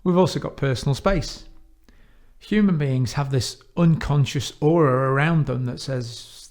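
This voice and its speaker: A man giving an instructional talk on coaching, measured and deliberate, slowing down to stress key phrases. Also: medium pitch, darkish tone. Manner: measured, with emphatic slowed phrases. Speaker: coaching trainer.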